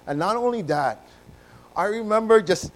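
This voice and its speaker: A man from Hawaii, telling his own story in a sermon and swinging between loud bursts and hushed passages. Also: high-pitched, animated, normal speed, slight background noise, poor audio.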